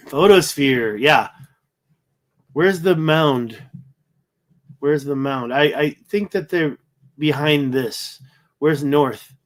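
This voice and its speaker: Tired man rambling while browsing photos. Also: on the high side. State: tired, yawning. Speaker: livestream host. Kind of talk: casual livestream commentary.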